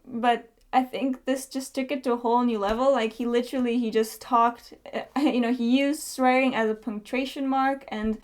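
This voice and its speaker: Young woman doing casual book reviews, kinda high voice, talks candidly with lots of ums. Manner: chatty and candid, with frequent fillers.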